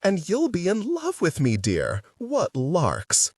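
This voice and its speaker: A man voicing a gushing, theatrical older actress, pitching his voice up high. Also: huge pitch swings, slow, a little mellow, slightly rough, no room sound, full character voice. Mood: delighted. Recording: dry sound, distant mic.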